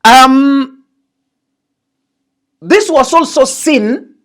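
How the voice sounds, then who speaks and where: Kenyan woman, political commentator, animated fairly high voice, emphatic, code-switches to Swahili. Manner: deliberate, emphatic, mixes in Swahili phrases. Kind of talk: political analysis monologue.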